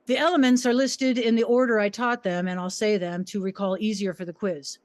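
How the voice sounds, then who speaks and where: A woman reading her memoir aloud to an audience, a former teacher who tells her story theatrically, swinging her pitch and volume as she acts out her own classroom commands. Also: fairly even intonation, a little fast, dry recording. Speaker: memoir reader, former high school teacher.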